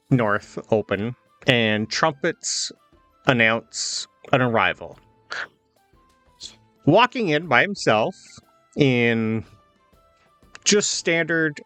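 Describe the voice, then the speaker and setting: A man narrating a tabletop game as game master, casual and halting with many fillers. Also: mid-range voice, a bit bright, no echo.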